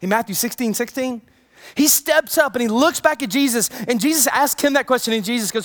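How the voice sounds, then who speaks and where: A preacher with a medium-pitched voice delivers his sermon briskly and conversationally. He's animated, retelling scripture and wandering into many asides.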